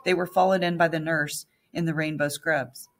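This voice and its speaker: A woman's voice: low-pitched, fairly even intonation, normal speed. A woman narrating an audiobook in the first person as a young girl.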